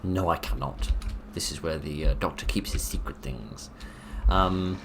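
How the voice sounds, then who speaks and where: A man's voice: rumbling low, unhurried, background noise. A man giving dry, sarcastic let's play commentary while he plays a horror game. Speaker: gaming video narrator.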